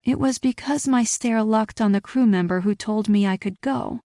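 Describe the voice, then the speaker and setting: A woman's voice: on the high side, moderate pace, warm tone, no room sound, clean studio sound. A woman reading a first-person audiobook in a tense, clipped storytelling manner. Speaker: audiobook narrator.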